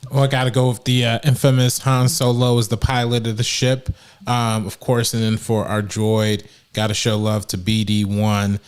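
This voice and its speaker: A man's voice: fairly low pitch, flat delivery, normal speed, smooth. A man on a casual chat panel, hesitant and full of fillers.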